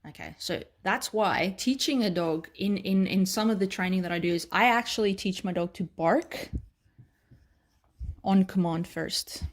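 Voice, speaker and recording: A woman's voice: mid-range voice, a little slow. Chatty Australian woman dog trainer. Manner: chatty, checks in with "right?" and "okay". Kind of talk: casual whiteboard explanation. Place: training room with a whiteboard.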